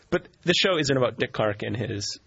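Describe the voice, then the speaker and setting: A man's voice: medium pitch, gravelly, a bit bright, breathy edge, muffled recording. A man hosting a casual talk show, joking and sarcastic, laughing often. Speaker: host.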